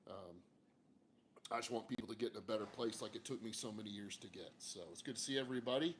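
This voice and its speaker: A man's voice: lowish voice, fast, a little hiss or hum. A man livestreaming from an outdoor porch, talking casually and frankly with lots of fillers and some mild cursing. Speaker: therapist hosting a livestream. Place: outdoor porch, hot, under a fan.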